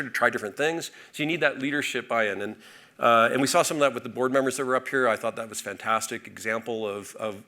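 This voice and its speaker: A man giving a conference keynote from a stage, energetic and full of fillers and restarts. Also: mid-range voice. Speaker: keynote speaker.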